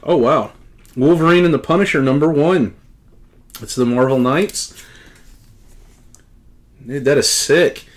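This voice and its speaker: A middle-aged man in casual unboxing chat, a comic book collector who talks in a talkative way and keeps exclaiming with excited gratitude. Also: on the high side, measured pace, long pauses.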